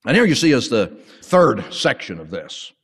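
A man teaching a sermon with an animated, conversational storytelling manner. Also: mid-range voice, normal speed, breathy edge. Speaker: Bible teacher. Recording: long hall reverb.

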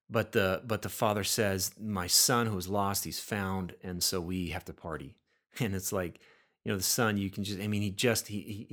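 An earnest male preacher with a slightly low voice delivers a sermon. He often repeats words and restarts his sentences as he works toward each point. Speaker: pastor.

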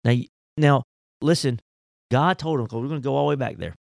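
A man, a pastor talking faith in a casual discussion, folksy and animated, firing off rhetorical questions. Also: medium pitch, brisk, gravelly, no room sound, studio quality.

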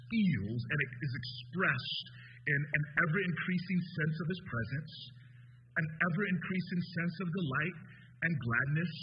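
A man's voice: fairly high pitch, slight background noise. A man preaching a sermon as pastor, emphatic, his voice rising sharply when he repeats his calls to come. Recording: dull sound with long hall reverb.

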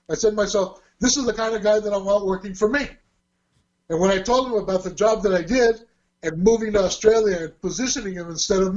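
Man telling stories in a high voice. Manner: animated, acts out quoted dialogue. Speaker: guest telling a life story. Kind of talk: casual anecdotal storytelling. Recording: dull lo-fi audio.

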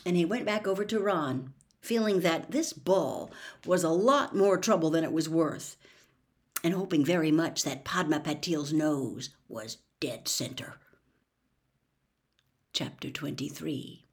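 A woman reading a novel aloud as an expressive storyteller. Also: low-pitched, a little slow. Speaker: reader. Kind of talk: audiobook reading.

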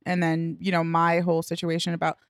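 Casting: woman, slightly low voice, easygoing podcast co-host, dry close mic. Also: completely flat delivery, brisk, clean tone, no echo. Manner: easygoing, affirming, laughs often. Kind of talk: casual chat.

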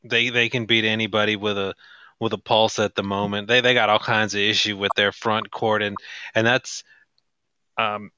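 A man's voice: fairly low pitch, level tone, moderate pace, sharp tone, clean tone, dry recording, lo-fi sound. A man co-hosting a sports podcast, giving blunt, critical opinions in casual talk. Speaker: podcast co-host.

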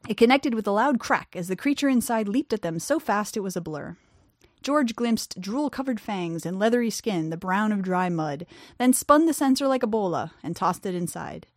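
A woman's voice: mid-range voice, no echo, studio quality. A woman reading her own short fiction aloud, acting out the characters' lines and raising her voice in the tense moments.

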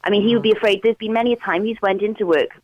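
A woman's voice: mid-range voice, steady tone, very fast, dry recording, dull audio. A woman in her thirties from Wales with a Welsh accent, calling into a radio phone-in and earnestly arguing her point with examples. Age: 30s. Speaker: caller.

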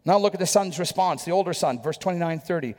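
A man preaching a sermon with animated storytelling, rhetorical questions and quick asides. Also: high-pitched, long reverb tail.

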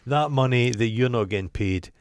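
Opinionated Scottish man, podcast host, mid-pitched, blunt and sweary, dry close sound. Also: moderate pace, clean tone, no echo. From Scotland. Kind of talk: casual chat.

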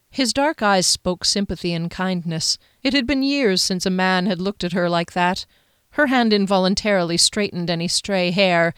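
A woman's voice: on the low side, normal speed, clear, resonant tone, no room sound. Woman narrating an audiobook, dry close sound. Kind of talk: scripted narration.

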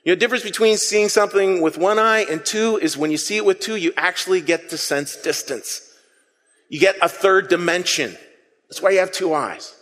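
A man preaching a sermon to a congregation. He talks in a lively, conversational way and has the audience repeat phrases back to him. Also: high-pitched, moderate pace, big-room sound. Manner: animated, conversational preaching with audience call-and-response. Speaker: pastor.

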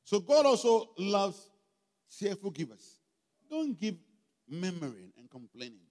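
High, lively Ghanaian pastor preaching. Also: male voice, a little slow. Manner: emphatic, call-and-response questions to the congregation. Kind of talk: sermon. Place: church hall. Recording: long hall reverb, faint music behind.

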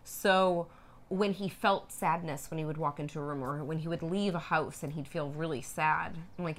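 A woman's voice: low-pitched, normal speed, a bit bright. A woman co-hosting a podcast, talking thoughtfully and a little hesitantly about her own experience. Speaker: podcast co-host. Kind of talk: casual personal conversation.

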